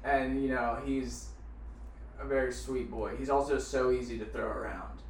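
A man's voice: medium pitch, steady tone, moderate pace. A man co-hosting a podcast, casually telling stories and trading crude jokes. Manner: joking, storytelling, crude banter. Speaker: podcast co-host. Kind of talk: casual chat. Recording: echoey room from far off, faint noise.

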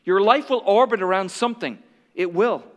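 High-voiced impassioned male preacher. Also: normal speed. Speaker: pastor. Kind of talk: sermon. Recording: long hall reverb.

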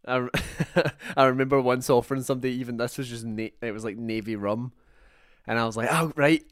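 A young man with a Scottish accent hosts a relaxed film podcast, chatting and laughing easily as he tells stories. His voice sits at an everyday middle pitch. The recording is dry and close, with no room sound. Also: quick pace, clean tone, no echo. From Scotland. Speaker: podcast host. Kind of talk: casual chat.

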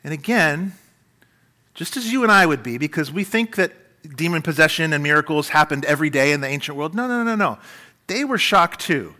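A man preaching a sermon in an animated way, with dramatic swings in pitch and loudness. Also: fairly quick. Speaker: pastor.

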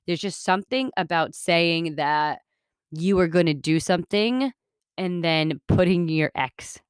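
Woman podcast host, low smooth voice, dry close sound, earnest and rambling. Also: no echo. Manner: earnest, rambling, filler-heavy, motivational. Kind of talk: casual self-help podcast talk.

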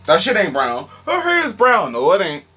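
A man's voice: high-pitched, wildly swooping pitch, moderate pace, sharp tone, husky. A young man with a Washington, D.C. accent, rambling profanely and animatedly through a freestyle monologue. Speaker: streamer.

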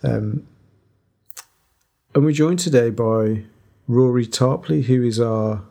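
A man's voice: mid-range voice, slow pace, gravelly, warm tone. A man hosting a podcast in easygoing, self-deprecating casual chat. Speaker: podcast host.

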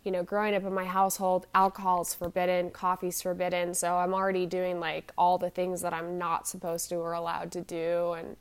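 A woman in her forties, somewhat low-pitched, recounts a personal ordeal straight to the camera. Her speech stumbles and restarts constantly, with fillers between the halting phrases. She sounds shaken and anxious as she goes on. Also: completely flat delivery, clean tone. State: shaken and anxious while telling it. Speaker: vlogger. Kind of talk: personal storytelling.

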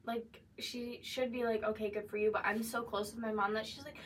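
A young woman co-hosting a podcast in casual chat, talkative and quick to laugh, with lots of fillers. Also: fairly high pitch, little pitch movement, a little hiss or hum. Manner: chatty, laughs easily, many "like" fillers. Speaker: podcast co-host. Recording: voice a bit distant from the mic.

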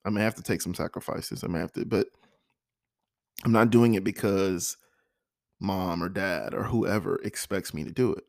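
Low gravelly man musing earnestly. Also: normal speed, no room sound, studio quality. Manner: earnest, repetitive, self-reflective. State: frog in his throat, clearing it. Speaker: vlogger. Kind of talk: reflective personal monologue.

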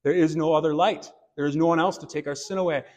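A man's voice: on the high side, fairly even intonation, fast talker, darkish tone. A man preaching a sermon in church, earnest, turning to a light personal story now and then. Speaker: pastor. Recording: long reverb of a church hall.

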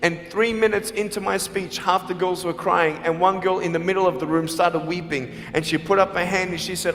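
A man's voice: high voice, fairly even intonation, a little fast, few pauses, fairly bright tone. A man giving a motivational speech to school students, emphatic and repetitive, speaking straight to the audience. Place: school hall. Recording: long hall reverb, faint music.

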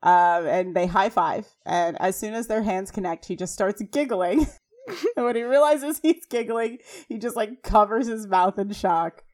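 A woman co-hosting a podcast, recapping a TV episode scene by scene in a chatty, animated way with frequent fillers. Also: mid-range voice, unhurried. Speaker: podcast co-host.

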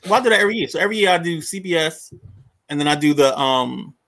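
A man's voice: a little high, lively intonation, fast, fairly bright tone. A man co-hosting a casual sports talk show, easygoing and laughing along.

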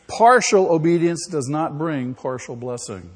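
Male pastor, emphatic sermon, questions to the congregation, long church reverb, fairly high voice. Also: lively intonation, moderate pace, few pauses, fairly bright tone, breathy edge. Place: church sanctuary.

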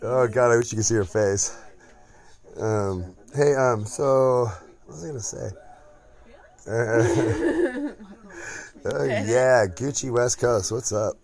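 A man's voice: medium pitch, big pitch swings, slow, pauses often, a little mellow. A man hosting a casual podcast chat at home, crude and joking, rambling from one thing to the next. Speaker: podcast host.

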